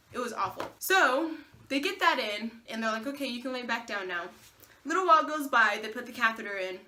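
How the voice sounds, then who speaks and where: A young woman vlogger telling a personal story in a casual, animated way, acting out the dialogue with laughs and swearing. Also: on the high side.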